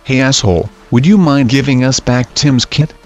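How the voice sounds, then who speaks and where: A man's voice: medium pitch, moderate pace, a little mellow, highs cut off, soft background music, lightly acted. A man reading as an irritated reenactor. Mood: annoyed. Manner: irritated, scolding. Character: annoyed grown man, fellow reenactor.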